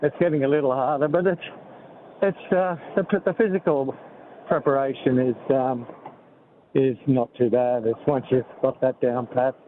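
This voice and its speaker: A man's voice: medium pitch, steady tone, slight background noise. Breathless Australian man in his 70s on a phone line. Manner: halting, many fillers, out of breath from walking. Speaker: activist interviewee. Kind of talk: phone interview. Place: outdoors walking by a freeway. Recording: tinny phone line with faint outdoor ambience.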